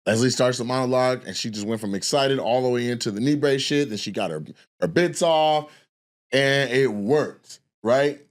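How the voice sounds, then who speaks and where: A man's voice: medium pitch, normal speed. A man hosting a podcast, telling a long, rambling, profane story in a casual way. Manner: profane, animated, rambling with restarts. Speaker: podcast host and comedian.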